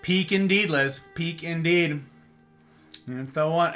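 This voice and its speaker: A man hosting a casual livestream chat, greeting viewers by name with playful, animated asides. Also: on the high side, slow, soft background music. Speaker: livestream host.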